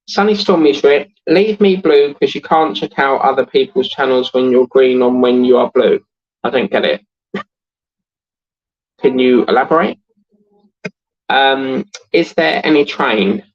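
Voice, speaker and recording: Husky chatty man reading viewer comments. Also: mid-range voice, moderate pace, highs cut off. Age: 30s. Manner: chatty and rambling, laughs often, many fillers. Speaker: host of a model-building livestream. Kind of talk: casual livestream chat, reading out viewer comments.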